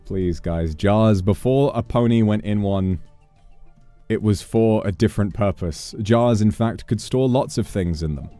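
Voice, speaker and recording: A man's voice: fairly low pitch, a little slow, warm tone, soft background music. A young man chatting on a gaming livestream, rambling into mock-exasperated rants with plenty of swearing. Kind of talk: casual livestream chat while gaming.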